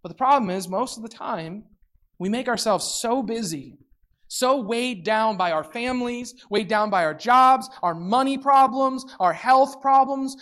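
A preacher giving a sermon, reading scripture slowly and deliberately, then swinging from soft reflection to loud, excited exclamations. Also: mid-range voice.

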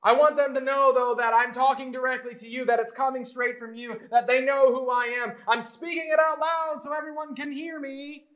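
A man voicing Jesus as a grown man, earnest and tender, rising to loud calls. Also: sits high, normal speed. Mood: earnest prayer.

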